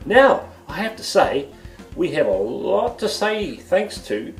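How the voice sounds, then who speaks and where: A man's voice: a little high, sing-song, slow, creaky, reverberant, soft background music. A man with a New Zealand accent hosting a goofy comedic cooking show from his home kitchen, full of playful sing-song exclamations.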